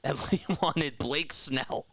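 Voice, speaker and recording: A young man hosting a casual baseball fan livestream, excitedly talking to his chat. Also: on the high side, takes it slowly, creaky, no room sound. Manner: excited, animated, talks to chat as "bro" and "man". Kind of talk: casual post-game fan talk, reading chat.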